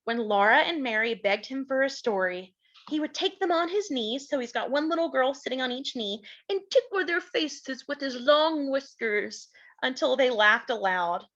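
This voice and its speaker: A woman reading a storybook aloud to children, stopping to explain things gently to her young listeners. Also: high voice, lively intonation, normal speed, dull audio.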